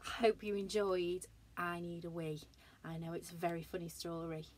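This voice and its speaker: A woman teacher with a British accent reading a picture book aloud to young children in a slow, gently lively way. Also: on the low side. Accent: British English. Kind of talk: storybook read-aloud.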